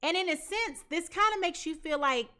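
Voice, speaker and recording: A woman's voice: very high-pitched, expressive, normal speed, bright, forceful tone. A woman giving a live tarot reading, talking in an emphatic, repetitive way with casual slang. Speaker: tarot reader.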